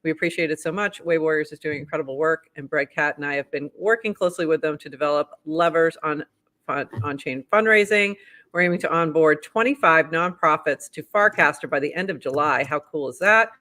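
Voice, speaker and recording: An upbeat podcast co-host with a Boston accent, chatting and reading posts aloud in a bright, forward tone. The pitch sits mid-range, and the talk is loose and friendly, with easy laughter. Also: fairly quick.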